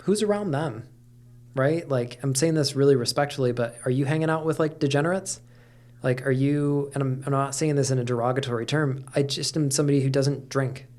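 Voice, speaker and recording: A middle-aged man speaks candidly as a podcast guest in casual conversation, full of fillers and offhand swearing. His voice is mid-range with a darkish tone, and he talks a little fast.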